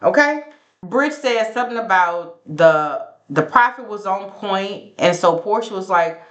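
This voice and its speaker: A woman giving a chatty, sassy recap of a reality TV episode, calling the listener "baby" and "girl" and acting out quotes. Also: unhurried. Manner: acts out quotes with sudden high pitch jumps. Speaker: recap host.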